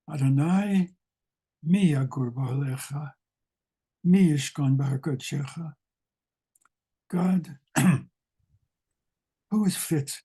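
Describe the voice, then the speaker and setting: An older man, a guest rabbi, teaching a psalm over a video call, asking rhetorical questions in an unhurried way. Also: on the high side, dark tone, husky, poor audio. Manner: asks many rhetorical questions, unhurried with pauses. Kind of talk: slow, questioning lesson on a psalm.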